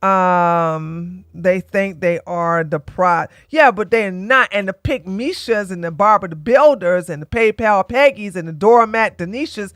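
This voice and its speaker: In a dry, clean studio recording, a woman in her forties speaks in a mid-range, slightly bright voice. She's a livestream host doing casual commentary and storytelling, and she's blunt and full of jokes.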